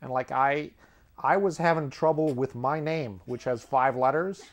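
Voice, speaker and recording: A man's voice: mid-range voice, a little slow. Male comedy host, rambling monologue, sardonic asides, chuckles at own jokes, mid-range voice.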